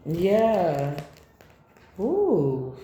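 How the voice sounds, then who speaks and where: Female tarot reader, casual and preachy, mellow tone, roomy echo. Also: lowish voice, drawn-out words, a little hiss or hum. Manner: rambling, animated, preachy asides. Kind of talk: casual spiritual tarot reading.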